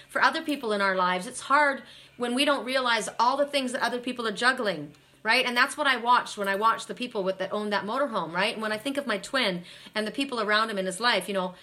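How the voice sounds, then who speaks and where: A woman's voice: fairly high pitch, pushed and bright. A middle-aged woman doing a live card reading, tired and emotional, chatting with viewers and often repeating herself. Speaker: oracle card reader.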